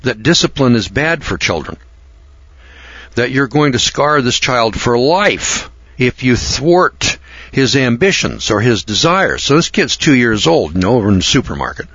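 A man rambles through a blunt, mocking, opinionated monologue and repeats his words. His voice is husky and the recording is dry. The sound is dull and lo-fi. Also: medium pitch, very animated, normal speed, a bit bright, dry recording.

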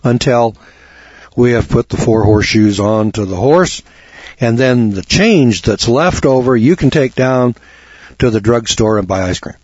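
A man voicing a sly, friendly farrier making a coaxing sales pitch to a boy, a little higher than his own voice. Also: measured pace, darkish tone, breathy edge, no echo, dull audio.

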